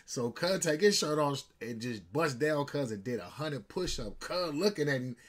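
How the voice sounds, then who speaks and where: Husky man telling a street story. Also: a little high, animated, normal speed. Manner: rambling, slangy street talk. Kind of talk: casual storytelling.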